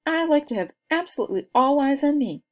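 A woman's voice: high-pitched, expressive, brisk, pitched above the performer's own voice. A woman doing a bossy little storytelling girl. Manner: poised, commanding, theatrical. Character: bossy, confident second-grade girl storyteller.

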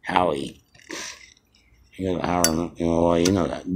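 Rambling low-voiced man in his fifties. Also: animated, warm tone, a little hiss or hum. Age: 50s. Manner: rambling and halting, many fillers and restarts. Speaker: self-styled radio host. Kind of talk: rambling mock radio broadcast.

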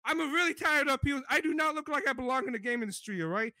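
High voiced guy ranting super hyped on a podcast, lots of swearing, jumps up and down in pitch. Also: very fast, dry recording. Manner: animated, swearing, mimics deep voices of company speakers. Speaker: podcast co-host. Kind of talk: excited casual chat.

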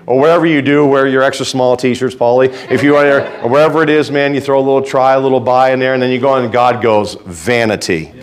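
A male pastor preaching a sermon in a fervent, folksy way, swinging between quiet asides and loud exhortation. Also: medium pitch, steady tone, fast, few pauses.

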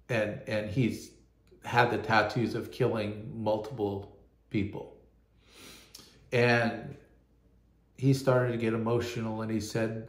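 Male pastor giving testimony, low even voice, slow and halting, echoey room. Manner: earnest, halting, repeats words. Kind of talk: personal testimony.

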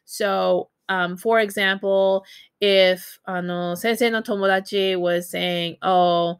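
A woman's voice: mid-range voice, steady tone, measured pace, a bit bright, clean tone, dry recording, studio quality. A woman teaching a recorded Japanese grammar lesson, explaining in a casual way with many fillers and self-corrections.

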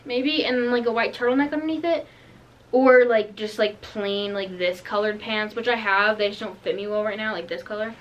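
A woman's voice: medium pitch, moderate pace, dull audio. A teenage girl doing a casual clothing haul, rambling and chatty, full of "like" and "um". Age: teens. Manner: bubbly, rambling, lots of "like" and "um". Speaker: vlogger.

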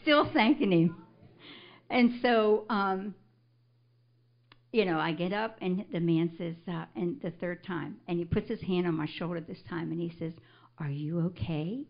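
An older woman, a grandmother, telling a congregation her testimony, animated and breaking into loud declarations of scripture. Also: lowish voice, measured pace, gravelly, highs cut off. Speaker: church member giving a testimony. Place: church service.

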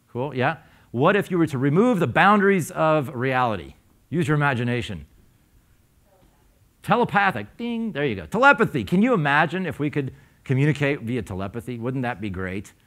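A man speaking to a live audience at a conference, conversational and quizzing the crowd, with frequent uh fillers. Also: mid-range voice. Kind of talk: conference talk with audience questions. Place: lecture room before a live audience.

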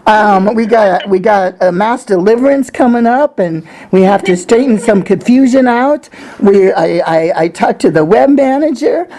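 A woman's voice: medium pitch, moderate pace, warm tone, low-quality recording. A woman prophetess giving emotional testimony to a congregation, rambling and effusive, with many restarts.

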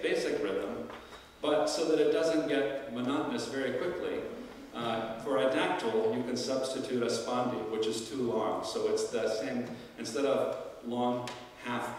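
A man's voice: mid-range voice, normal speed, a little hiss or hum. A man, a classics professor, lecturing to alumni in a thoughtful, searching way, with frequent fillers and restarts. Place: lecture hall. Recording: roomy hall, distant mic.

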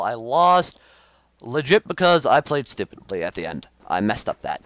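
A man's voice: medium pitch, big pitch swings, a little slow, a bit bright, no echo. Frustrated young man commenting on his game. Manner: frustrated, self-critical running commentary with sudden outbursts. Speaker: gaming video creator.

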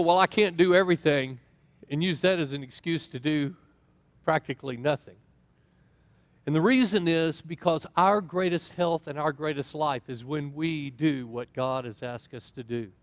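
A man delivers a sermon in a fairly high voice and moves easily into storytelling. He acts out the dialogue in his stories with lively swings. The recording is close and dry, with little room sound. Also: no echo. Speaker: pastor.

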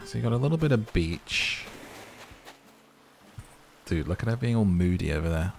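A man's voice: low-pitched, expressive, moderate pace, vocal fry, slight background noise. A man hosting a cozy life-sim gaming video, chatting playfully over gameplay and reading characters' lines aloud in a jokey way.

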